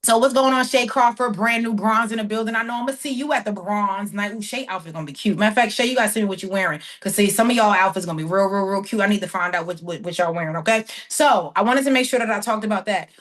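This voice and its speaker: A woman coaching her team on a casual call, chatty and folksy, often shouting with excitement. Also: medium pitch, fast talker, hardly any pauses.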